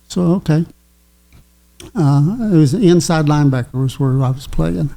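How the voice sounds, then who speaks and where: A man's voice: a little high, creaky, mellow. Chuckling older man. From Kentucky. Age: 80s. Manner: chuckling, folksy, halting with fillers. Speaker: guest. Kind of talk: casual storytelling.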